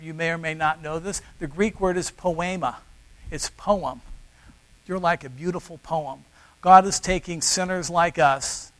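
A middle-aged male pastor preaching a sermon, emphatic, swinging between loud stressed phrases and quiet asides. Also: high-pitched, rough recording.

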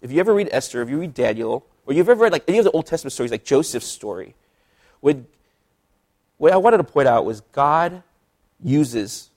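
A man who is a pastor, leading a casual Bible study in a relaxed, chatty way with lots of asides. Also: mid-range voice.

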